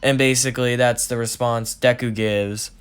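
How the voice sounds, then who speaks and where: A young man who tells stories on his channel casually retells a fan story, rambling and leaning heavily on "like" and "basically." His mid-range voice is clear and resonant, with fairly even intonation at a normal speed.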